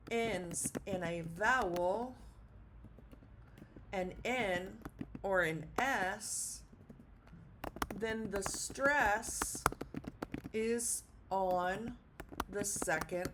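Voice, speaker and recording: Slow-paced woman teaching at a board. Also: mid-range voice, fairly bright tone, slight background noise. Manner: patient, many fillers and check-ins like okay. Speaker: Spanish teacher. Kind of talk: classroom lesson at a board.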